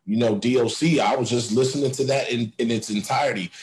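A man co-hosting a casual online hip-hop chat, telling stories in an animated way and laughing often. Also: mid-range voice, fast talker. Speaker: podcast co-host.

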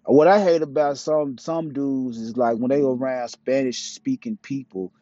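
A man's voice: mid-range voice, fairly even intonation, moderate pace, warm tone, no room sound. A man talking bluntly and profanely in a casual, opinionated monologue. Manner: blunt, profane, preachy street talk. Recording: dull, dry, lo-fi mic.

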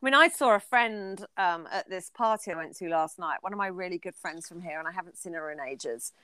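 A woman's voice: on the low side, brisk, pushed and bright, smooth, no room sound. A middle-aged woman co-hosting a podcast, talking candidly in casual chat and swearing freely. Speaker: podcast co-host.

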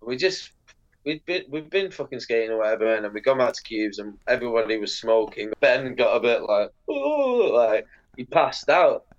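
Brisk and medium-pitched, a pro skateboarder from England talks as a podcast guest over lo-fi sound. His casual stories come loaded with free swearing and animated impressions of the people in them.

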